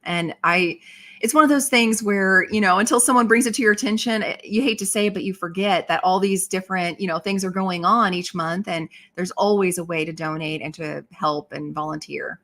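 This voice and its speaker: A bubbly woman in her thirties chats casually as a livestream host and reads out viewer comments. Her voice is bright and forward, and she laughs often. She sounds like she is at home on a desk mic. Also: lowish voice, brisk.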